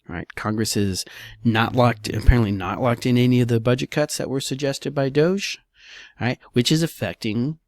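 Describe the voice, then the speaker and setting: A man's voice: medium pitch, moderate pace, dry recording, studio quality. A man, a real estate broker, talking casually in a solo podcast, loose and chatty, often saying "all right".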